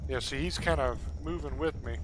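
A man giving casual, chatty gameplay commentary, thinking out loud and getting exasperated, with game music behind him. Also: medium pitch, a little fast, very noisy. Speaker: gaming YouTuber.

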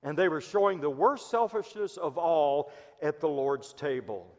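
Animated Midwestern pastor preaching in a reverberant hall. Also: male voice, fairly high pitch, moderate pace. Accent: American Midwest. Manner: storytelling preacher, swinging between loud emphasis and hushed asides. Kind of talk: sermon. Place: church sanctuary.

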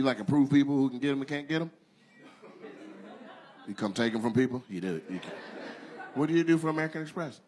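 A man doing stand-up crowd work on stage, loudly teasing people in the audience and laughing as he goes. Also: medium pitch. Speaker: stand-up comedian. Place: large theater on stage. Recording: live theater with loud crowd.

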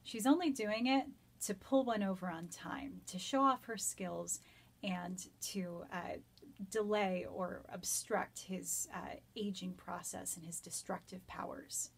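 A woman teaching a Shakespeare sonnet from home, reading verse lines slowly and then explaining them in an enthusiastic, nerdy, chatty way. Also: medium pitch, vocal fry, slightly rough. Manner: enthusiastic, self-described nerdy. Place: home during quarantine.

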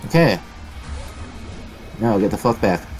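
This young male gamer hosts let's-play commentary, and he is profane, mocks himself, and gives excitable yelps. His voice is lowish and his pace is measured. Soft music plays in the background.

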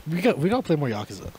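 Man, 20s, podcast co-host, slightly high voice, very lively pitch, laughing storyteller. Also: a little hiss or hum. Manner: animated, laughs often, acts out both sides of the dialogue. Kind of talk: casual storytelling chat.

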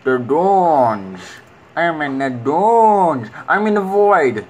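A man's voice: on the high side, big pitch swings, slow, a little mellow, slight background noise, rough recording. A man giving casual commentary while playing a video game, rambling and talking fondly to the creatures on screen.

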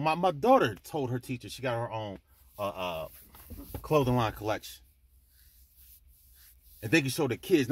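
A man's voice: mid-range voice, breathy edge. A man who owns a clothing brand and is a father, speaking emphatically to camera, repeating himself and stumbling as he gets choked up with emotion. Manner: emphatic, repetitive, stumbling, tearful. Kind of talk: emotional direct-to-camera talk.

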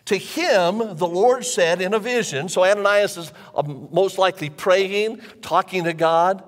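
A pastor preaching a sermon to a live congregation in a church, talking conversationally and repeating phrases for emphasis. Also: male voice, high-pitched, measured pace. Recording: long church reverb.

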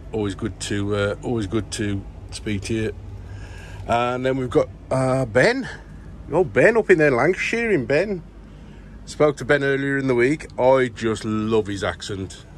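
A middle-aged man chatting casually in a vlog, rambling through shout-outs with lots of fillers and restarts. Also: lowish voice, a little hiss or hum. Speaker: plant grower vlogger. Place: indoor grow tent.

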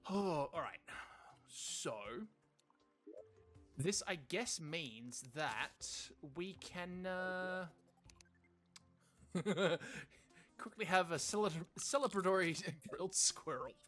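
Excitable let's play host, jokey about themself, sharp bright tone, light music under it. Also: medium pitch. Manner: chatty and self-mocking; excitable, laughing often. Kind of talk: casual gameplay commentary.

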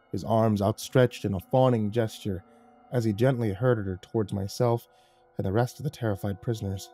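A man's voice: fairly low pitch, steady tone, moderate pace, mellow, slightly rough, dry recording. A man reading a horror story aloud in a dramatic storytelling manner. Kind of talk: scripted horror narration. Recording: faint music underneath.

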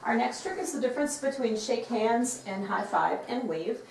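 A woman's voice: fairly high pitch, lively intonation, moderate pace, creaky, a little hiss or hum. Woman dog trainer in an echoey room. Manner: breaks off to praise the dog in a bright, loud voice. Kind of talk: demonstrating and explaining to viewers. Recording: roomy, from some distance, faint clicks.

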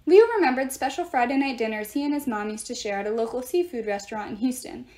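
Woman narrator, slightly high voice, expressive novel reading. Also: fast. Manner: expressive storytelling. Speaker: book reader.

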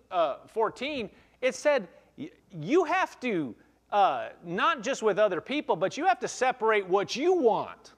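A man preaching a conversational sermon in a church, reading scripture aloud and explaining it with frequent restarts. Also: sits high. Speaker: pastor.

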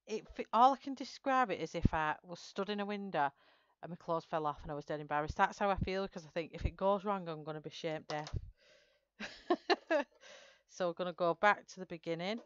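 In a relaxed chat during her live colouring stream, a woman greets viewers by name and giggles along the way. Her voice sits lowish, with a clean tone and a moderate pace. There's no echo, though the highs are cut off.

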